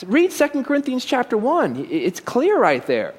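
A man's voice: very high-pitched, huge pitch swings, moderate pace, slightly rough. A man giving a conversational sermon, asking rhetorical questions and dropping joking asides. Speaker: preacher.

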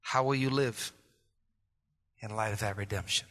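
A man preaching a sermon as a pastor, impassioned and rising to shouts. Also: lowish voice, normal speed, long reverb tail.

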